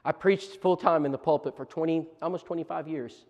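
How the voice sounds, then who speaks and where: Animated preacher man in an echoing hall. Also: on the high side, fairly quick, highs cut off. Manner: animated storytelling with many restarts. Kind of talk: storytelling seminar talk. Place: church auditorium. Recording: long church hall reverb.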